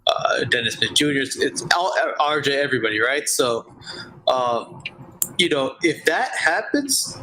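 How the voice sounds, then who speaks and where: Guy on a video call w a bright voice, talks it through analytically, faint background hum. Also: mid-range voice, animated, unhurried, rough recording. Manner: analytical, checks in with "right?" often. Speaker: video chat guest. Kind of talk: casual discussion.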